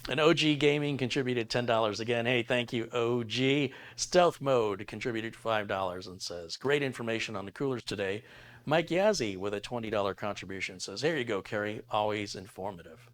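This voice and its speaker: A middle-aged man hosts a live tech stream, chatting casually, laughing easily, and reading viewer donations and messages aloud. He speaks at a moderate pace in a mid-range voice.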